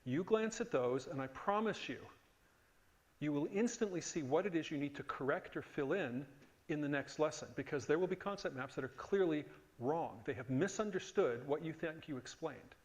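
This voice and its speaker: A man's voice: a little high, expressive, moderate pace, darkish tone, dull audio. A middle-aged man teaching a conference tutorial, emphatic and joking, often checking that the room agrees. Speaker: workshop instructor. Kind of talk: lively conference tutorial lecture.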